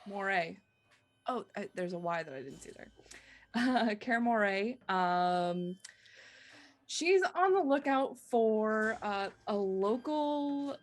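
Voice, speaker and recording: A woman who is not a native English speaker, playing a tabletop game in casual chat, laughing often and stumbling over names. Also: lowish voice. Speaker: player.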